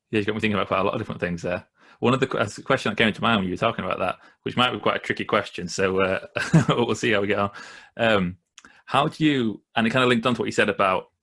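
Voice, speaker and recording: A man hosting a podcast in a relaxed chat, his voice a bit low and his delivery quick. He asks rambling, hesitant questions padded with fillers. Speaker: podcast host. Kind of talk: casual interview chat.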